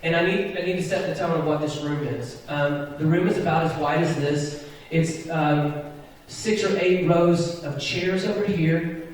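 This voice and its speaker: A man in his forties, a Christian musician, telling an animated story to a live audience and often asking "right?" along the way. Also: a little high, normal speed. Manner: animated, chatty, keeps checking in with "right?". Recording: echoey hall picked up from far off.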